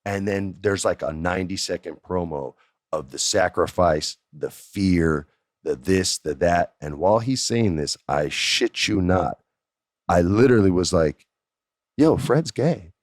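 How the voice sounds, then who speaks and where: Deep-voiced guy telling a story on his podcast, swears a lot, voice jumps way up when hyped. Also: unhurried, dry recording, clean studio sound. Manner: animated, profane, swings to high pitch for emphasis. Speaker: podcast host. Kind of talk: casual storytelling.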